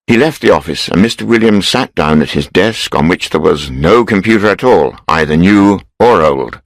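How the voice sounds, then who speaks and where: Low male narrator, steady measured storybook reading, close and dry. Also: no echo, poor audio.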